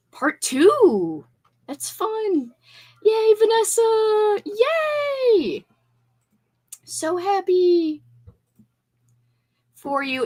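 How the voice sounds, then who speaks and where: Bubbly high-voiced woman hosting a livestream. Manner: bubbly, effusive, squeals with excitement. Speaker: livestream host. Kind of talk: casual livestream chat.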